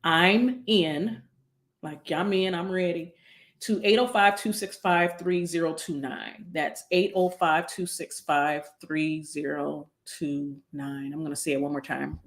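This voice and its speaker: Woman psychologist, casual live-stream talk, slightly low voice, chatty and encouraging. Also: fairly even intonation, a little slow. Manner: chatty and long-winded, with many fillers.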